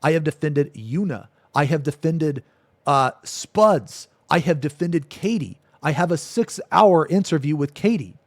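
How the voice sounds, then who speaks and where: A man's voice: fairly high pitch, expressive, measured pace, no room sound. A male streamer ranting on a live stream, swearing a lot, repeating himself and calling everyone "man" and "bro". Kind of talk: casual live-stream rant.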